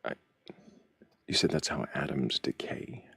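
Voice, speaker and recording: A man's voice: animated, measured pace, pushed and bright, dry recording. A man hosting a live debate stream, bluntly pressing a caller with questions and interrupting him. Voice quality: very deep and gravelly. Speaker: livestream host.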